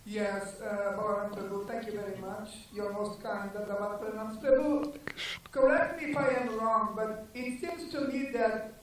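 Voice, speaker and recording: A woman's voice: mid-range voice, fairly even intonation, moderate pace, few pauses. A woman in the audience asks a question in a polite, formal manner. Her voice comes from far off the mic in a roomy space. A faint hiss sits underneath. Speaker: audience member asking a question.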